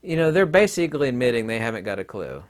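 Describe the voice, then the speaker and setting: Blunt middle-aged man, lively pitch. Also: quick pace. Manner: blunt and combative, with mocking asides. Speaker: online commentator. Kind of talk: opinionated monologue.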